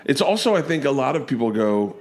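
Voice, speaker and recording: A man in his forties, a comedian guest telling stories on a podcast, animated and freely swearing as he acts out his family's lines. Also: medium pitch, fairly quick, noisy background. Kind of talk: casual podcast storytelling. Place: comedy club during a remote podcast.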